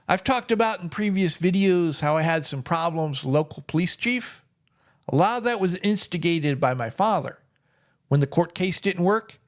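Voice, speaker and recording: A middle-aged man telling a personal story in a plainspoken, wry way. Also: on the high side. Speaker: vlogger.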